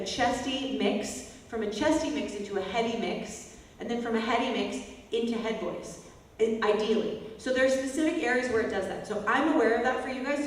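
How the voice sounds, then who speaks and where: A woman leading a vocal master class, explaining technique in a chatty, informal way and breaking into short sung examples. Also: on the high side. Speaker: vocal coach. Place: large hall, heard from a distance. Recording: echoey hall recording from far off.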